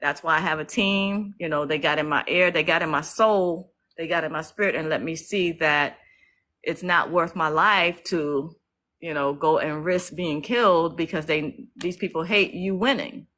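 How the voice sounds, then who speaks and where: An outspoken woman speaks into a phone on a casual livestream, her voice set a little low but bright and forceful. She talks emotionally, swears freely and stops to thank viewers by name as their comments come in. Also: normal speed, low-quality recording. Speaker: livestream host and activist.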